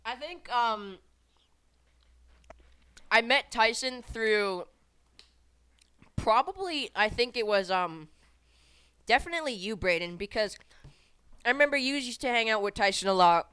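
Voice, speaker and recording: A woman's voice: a little high, animated, measured pace, long pauses, pushed and bright, clear, resonant tone, dry recording. A woman co-hosting a casual podcast, telling stories in a rambling way, swearing often and breaking into laughter. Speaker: podcast co-host. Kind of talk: casual storytelling chat.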